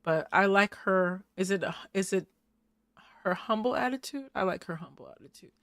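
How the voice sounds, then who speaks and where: A woman's voice: medium pitch, moderate pace, fairly bright tone, no echo, clean studio sound. A woman hosting a casual recap show, chatty and playful, laughing often as she talks. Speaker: host.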